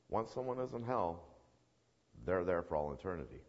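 A man's voice: low-pitched, lively intonation, normal speed, long pauses. A man preaching a sermon in an earnest, emphatic way. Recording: dull recording with long hall reverb.

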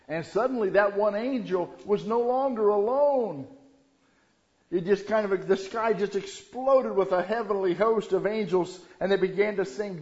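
A man's voice: high voice, moderate pace. Man preaching with big dynamic swings. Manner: lively, swings from quiet reverence to loud animated storytelling. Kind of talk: Christmas sermon. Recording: dull lo-fi sound.

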